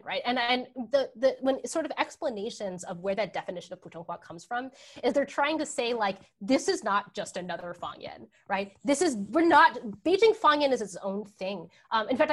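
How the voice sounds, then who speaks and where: A woman scholar answering audience questions in a talk, thinking aloud with many fillers and tag questions. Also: mid-range voice. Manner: hesitant, many ums and rights. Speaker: guest scholar. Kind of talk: academic Q&A answer.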